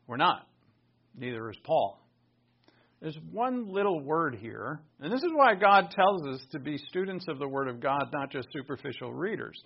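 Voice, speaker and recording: A pastor preaching a sermon, emphatic and full of rhetorical questions. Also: male voice, on the high side, sing-song, normal speed, creaky, breathy edge, muffled recording.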